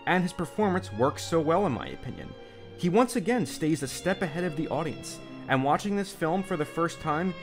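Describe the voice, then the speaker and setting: Earnest man narrating a video essay. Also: fairly high pitch. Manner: earnest, opinionated. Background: background music.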